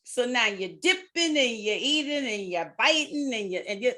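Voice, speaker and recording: Bright, pushed, and very animated, this middle-aged woman's high voice moves at a normal speed. She's a life coach and podcast host giving casual advice in a coaching talk, dramatizing inner voices and laughing often.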